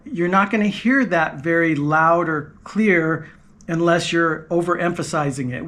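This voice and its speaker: A man's voice: high voice, a bit bright. Patient man teaching a language lesson. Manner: patient, repeats key points, demonstrates sounds. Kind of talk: explanatory language lesson to camera.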